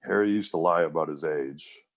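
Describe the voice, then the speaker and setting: Very deep-voiced man telling stories. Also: normal speed. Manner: rambling, heavy on fillers and quoted voices. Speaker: wrestler guest. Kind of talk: casual interview storytelling.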